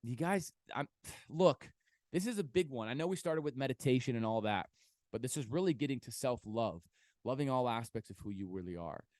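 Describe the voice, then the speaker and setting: A man hosting his own podcast, talking casually and rambling with many fillers, swearing and bursting into excited pep talk. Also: medium pitch, fairly quick, no echo, studio quality. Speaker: podcast host.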